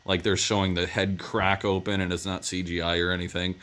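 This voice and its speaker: A man's voice: low-pitched, little pitch movement, fairly quick, a bit bright. A man giving a casual movie review, rambling through the plot with lots of "uh" and "um". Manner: rambling plot retelling with many fillers.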